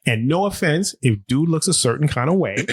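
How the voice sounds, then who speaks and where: Husky, laughing man on a podcast. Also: on the high side, animated, normal speed, no echo. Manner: laughing, loose, profane banter. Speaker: podcast co-host. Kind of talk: casual chat. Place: living room, seated on a love seat. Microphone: close studio mic.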